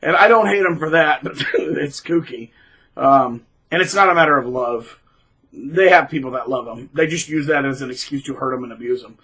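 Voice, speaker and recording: A man talking casually to camera in a rambling, animated way, with frequent restarts. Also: on the high side, normal speed, husky, rough recording. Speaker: middle school teacher, vlogger.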